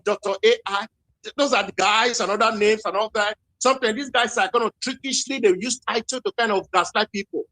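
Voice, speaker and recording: A man's voice: very high voice, pushed and bright. A man with a Nigerian accent, speaking heatedly and repeating points in a live social media audio chat. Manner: heated, emphatic, repeats himself.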